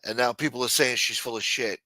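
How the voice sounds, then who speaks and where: Bright-voiced profane male stream host. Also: medium pitch, brisk, dry recording, low-quality recording. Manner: profane, blunt and mocking. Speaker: livestream host. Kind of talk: casual ranting commentary.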